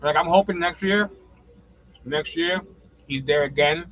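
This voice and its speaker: A man's voice: on the high side, measured pace, pauses often, a bit bright, muffled recording, slight background noise. A man, hosting a casual livestream, rambling and blunt with lots of slang and swearing. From New York. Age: 40s. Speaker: livestream host.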